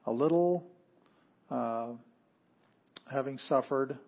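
A man teaching a lecture on Greek grammar, explaining slowly, repeating phrases for emphasis and correcting himself as he goes. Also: mid-range voice, fairly even intonation, dull audio.

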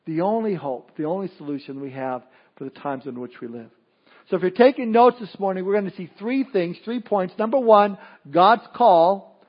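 A man's voice: high voice, animated, normal speed, breathy edge. A man preaching a sermon as pastor, folksy with joking asides and prayer. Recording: dull lo-fi sermon recording.

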